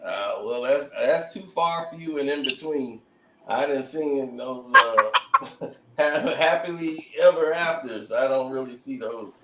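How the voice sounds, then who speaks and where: A man chatting casually as co-host, animated, laughing often and acting out quotes. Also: medium pitch, measured pace. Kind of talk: casual chat. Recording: echoey room, distant mic, noisy.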